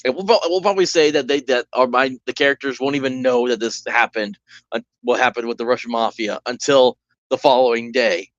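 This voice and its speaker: A man's voice: medium pitch, a little fast, no room sound. A man casually narrating a solo tabletop game on a livestream, rambling with asides and restarts, on a dull, dry mic.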